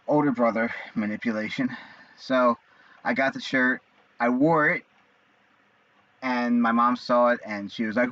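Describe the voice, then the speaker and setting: A man in his forties talking casually on his own, rambling and halting with many fillers and restarts. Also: medium pitch, bright, forceful tone. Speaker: vlogger. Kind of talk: casual monologue. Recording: dull lo-fi sound.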